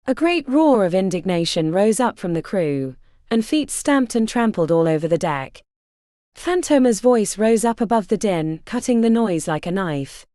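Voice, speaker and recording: A woman narrating a fantasy audiobook in the first person, her pitch rising and falling freely. She voices the story with expressive shifts between scenes. The sound is close and dry, with no room around it. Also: normal speed, no echo. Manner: expressive, varied character voicing.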